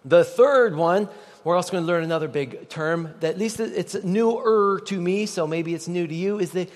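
A man's voice: high-pitched, normal speed. A man preaching a sermon as pastor, conversational and joking with the congregation. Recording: long reverb of a large hall.

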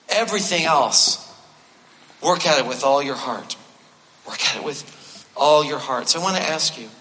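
A man's voice: a little high, pushed and bright. A man preaching a sermon as a pastor, speaking conversationally with touches of self-deprecating humor and repeating his key phrases for emphasis. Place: church sanctuary. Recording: long reverb of a large hall.

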